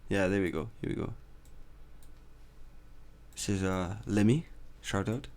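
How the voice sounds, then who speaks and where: A man co-hosting a casual podcast chat, laid-back and chuckling, often trailing off quietly. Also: low voice, a little slow, a crowd in the background. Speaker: podcast co-host.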